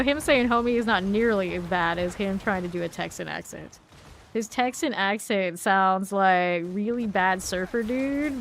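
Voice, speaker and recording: A woman streaming a game, chatting casually with viewers, laughing often and reading their messages aloud. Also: medium pitch. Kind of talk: casual gameplay chat. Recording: faint background noise.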